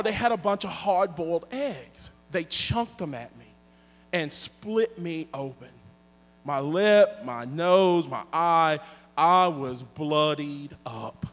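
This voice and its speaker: High-voiced joking preacher in a hall. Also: male voice. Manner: animated, joking, conversational. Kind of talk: storytelling sermon. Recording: long hall reverb.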